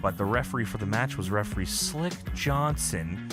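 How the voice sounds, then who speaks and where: A man's voice: on the low side, animated, moderate pace, loud music behind the voice. A man co-hosting a casual livestream, recapping wrestling storylines and laughing often. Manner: laughs often, recounts scenes with quoted voices. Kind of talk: casual profane chat.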